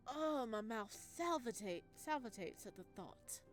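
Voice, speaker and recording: A man's voice: very high voice, expressive, unhurried, a bit bright, faint music behind, exaggerated voice. A woman voicing a flamboyant male restaurant owner in a put-on vaguely Italian accent, grandiose and flowery. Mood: effusive.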